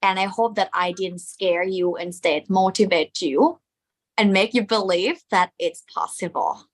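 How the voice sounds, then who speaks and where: A woman's voice: medium pitch, unhurried. A woman with a Thai accent teaching a live lesson, explaining step by step in non-native English, checking in with her learners and adding Thai polite particles.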